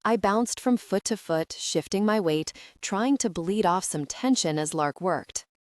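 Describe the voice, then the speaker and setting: A woman's voice: mid-range voice, lively intonation, measured pace, darkish tone, no echo, clean studio sound. A woman narrating a first-person audiobook in a wry, conversational way, with the occasional curse word.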